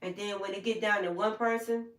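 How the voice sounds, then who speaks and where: A woman's voice: mid-range voice, steady tone, fairly quick, fairly bright tone, recorded from a distance. An older woman hosting a casual live stream from home, rambling through stories and acting out what people told her. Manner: rambling, storytelling, acts out quoted people. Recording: roomy sound, away from the mic.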